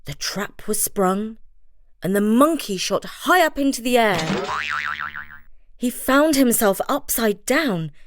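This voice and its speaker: A woman narrating a bedtime story with a gentle, expressive read-aloud manner. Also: mid-range voice, no room sound, studio quality. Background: soft background music.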